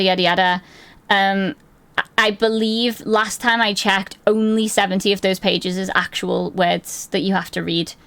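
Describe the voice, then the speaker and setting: A woman in her twenties streams from home with a medium-pitched, slightly bright, clean voice and no echo. She chats casually and reads chat aloud, swearing often, teasing herself, and laughing easily.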